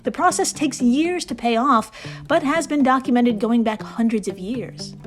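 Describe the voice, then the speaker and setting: New woman hosting a podcast, somewhat high voice, loose and profane, soft guitar music underneath. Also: normal speed. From New York. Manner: chatty, swears freely, laughs at own asides. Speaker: podcast host. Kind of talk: casual storytelling podcast.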